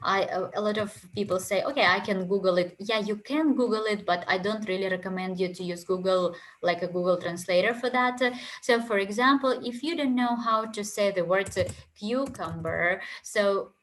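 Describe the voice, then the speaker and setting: A woman's voice: mid-range voice, normal speed. A woman with a Ukrainian accent teaching an online English test prep lesson, chatty, with lots of fillers and asides, on a headset mic.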